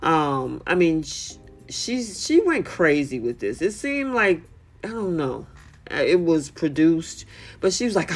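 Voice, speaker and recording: A woman with a somewhat low voice talks through a reality TV recap. She is chatty and opinionated and fills her talk with "I mean" and "you know". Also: animated, takes it slowly, creaky. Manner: chatty and opinionated, many fillers. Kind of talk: casual commentary recap.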